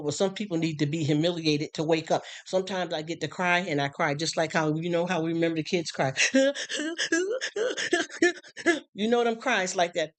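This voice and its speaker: A preacher giving informal street-style preaching on a live stream, speaking conversationally and repeatedly checking in with the listeners. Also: mid-range voice.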